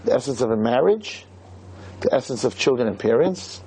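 A man's voice: mid-range voice, expressive, moderate pace, warm tone, slightly rough, low-quality recording. A man giving a Torah lecture, emphatic and full of rhetorical questions.

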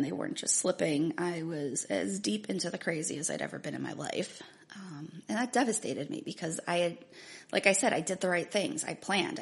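A woman's voice: fairly low pitch, creaky. A woman in her thirties telling her own story earnestly and reading aloud from a book she wrote. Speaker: author sharing her story. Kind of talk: personal testimony with a book reading.

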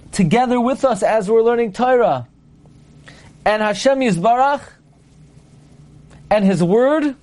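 A man with an extremely high-pitched, darkish voice teaches a Torah lecture emphatically. He poses rhetorical questions to his listeners and quotes Hebrew and Aramaic texts before translating them.

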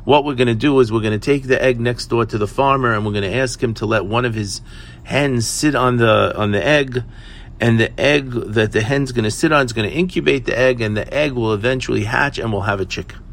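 A man voicing a poor village mother who gently corrects her children and lays out big plans. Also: medium pitch, fairly quick, lightly acted. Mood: planning. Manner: firm, soothing, then piling up plans. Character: poor village mother, patient, hopeful, scheming dreamer.

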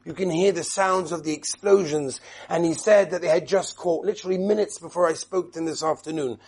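A man giving an impassioned sermon in a study hall, speaking with emphatic, dramatic pauses. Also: fairly high pitch, a little mellow, husky.

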